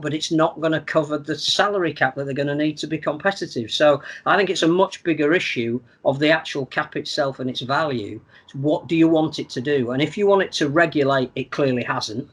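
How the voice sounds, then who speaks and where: A man giving measured, analytical opinions on a sports podcast, often repeating words as he thinks. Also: on the high side. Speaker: podcast pundit. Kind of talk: casual sports podcast chat.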